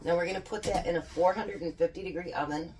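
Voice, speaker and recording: A woman's voice: on the low side, steady tone, fast, a little mellow, slight background noise. A woman chatting folksily as she cooks in her home kitchen, laughing often. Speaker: home cooking vlogger. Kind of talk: casual cooking vlog chat.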